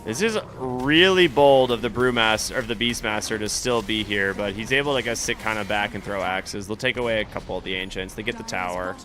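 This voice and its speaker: A man calls an esports match play by play with a bright, forceful voice. He reacts quickly and excitedly to big moments, with faint noise running underneath. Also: fairly low pitch. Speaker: esports commentator. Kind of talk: live play-by-play commentary.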